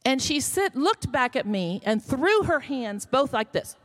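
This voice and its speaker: A woman's voice: high voice, very animated, measured pace. A middle-aged woman pastor, telling a story in a sermon that builds to emphatic calls.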